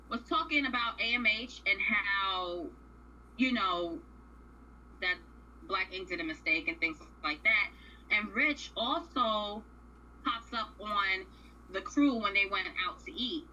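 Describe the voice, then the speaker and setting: Woman radio co-host, blunt and profane recap, very bright sharp voice, slightly dull sound with faint hum. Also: medium pitch. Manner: blunt, profane, opinionated storytelling. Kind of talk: casual reality TV recap.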